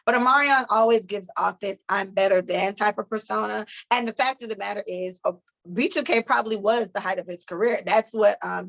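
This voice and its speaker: A woman co-hosting a podcast, chatting casually with profane, animated storytelling. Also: mid-range voice, highs cut off. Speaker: podcast co-host. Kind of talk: casual chat.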